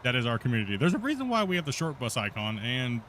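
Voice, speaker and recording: A man's voice: mid-range voice, wildly swooping pitch, quick pace, a bit bright, a little hiss or hum. A man hosting a gaming stream, chatting casually over voice chat and laughing often. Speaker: stream host.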